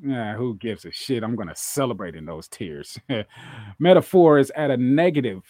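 A man's voice: medium pitch, lively intonation, normal speed, mellow, no echo. A man co-hosting a casual wrestling podcast, bragging and trash-talking with lots of swearing and laughter. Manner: boastful, profane, laughing trash talk. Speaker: podcast co-host.

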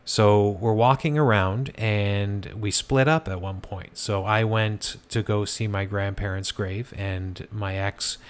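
A man with a fairly low voice tells a ghost story in a loose, conversational way. He stops and restarts often and fills the gaps with "uh" and "kinda". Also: slow, few pauses, clean tone. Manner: relaxed, conversational, many fillers and restarts. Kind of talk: casual storytelling.

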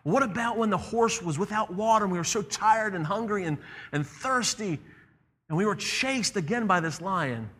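A man's voice: sits high, very animated, normal speed, few pauses, pushed and bright, husky, voice pushed up, exaggerated voice. A scared young boy whines in a raised, strained voice, stacking up complaint after complaint, as a preacher acts him out. The sound carries a long echo in a large hall. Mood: complaining. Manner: whiny, repeating complaints. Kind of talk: sermon story retelling.

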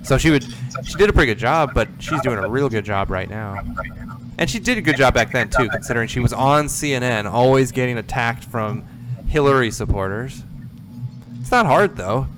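A man's voice: medium pitch, animated, moderate pace, over music, rough recording. A man co-hosting a casual political chat, joking and laughing often. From Minnesota. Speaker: podcast co-host.

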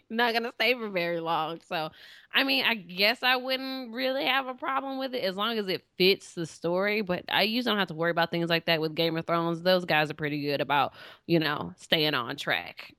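A woman co-hosting a casual pop-culture chat in a relaxed way, with fillers and laughter. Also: on the low side, moderate pace, clear, resonant tone, no echo, clean studio sound. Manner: relaxed, uses fillers and laughs while talking. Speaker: podcast co-host.

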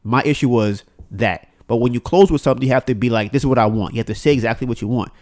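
This is a man talking on his own podcast, rambling loosely with plenty of fillers and restarts. His pitch sits in an everyday middle range. He swears freely and slips into quoted voices to act out phone calls. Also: quick pace, a little mellow. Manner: profane, uses many fillers and restarts. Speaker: podcast host. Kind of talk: solo podcast monologue.

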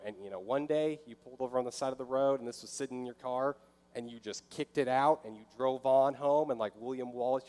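A man's voice: mid-range voice, a little fast, a little mellow. Man preaching in a reverberant hall. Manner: conversational, acts out inner voices. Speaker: pastor. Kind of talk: sermon.

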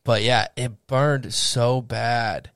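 A man's voice: medium pitch, drawn-out words, clean tone, dry recording, studio quality. A young man co-hosting a podcast, telling a story in casual chat, swearing and acting out what people said. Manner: animated storyteller, swearing, acts out quotes. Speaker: podcast co-host.

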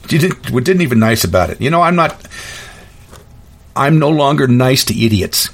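A man's voice: medium pitch, animated, brisk. A man hosting his own podcast, telling stories in a blunt, opinionated, folksy monologue. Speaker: podcast host. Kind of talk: casual monologue.

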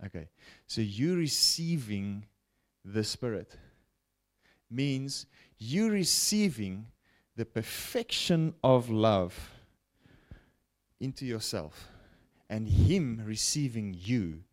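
A man preaching a broadcast sermon, with animated rises and falls and frequent "okay?" check-ins to his listeners. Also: mid-range voice, slow pace. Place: broadcast teaching setting.

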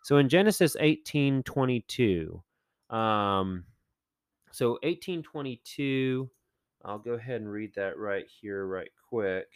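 A man's voice: mid-range voice, expressive, slow, clean tone, dry recording. A man hosting a podcast, casually talking through Bible stories and acting out the characters in playful voices, with plenty of fillers and self-corrections. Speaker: podcast host.

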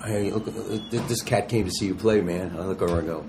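Animated, slangy older man telling stories. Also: on the low side, fast, creaky, background noise. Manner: animated, slangy storyteller who acts out quotes. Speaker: touring rock musician, guest. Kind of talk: casual interview storytelling.

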